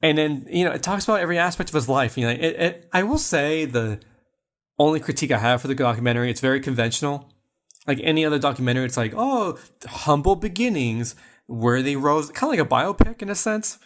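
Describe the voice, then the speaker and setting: A man's voice: fairly high pitch, animated, quick pace, fairly bright tone. A man co-hosting a podcast, chatting casually about a film with many fillers and restarts. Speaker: podcast co-host. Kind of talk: casual film review chat.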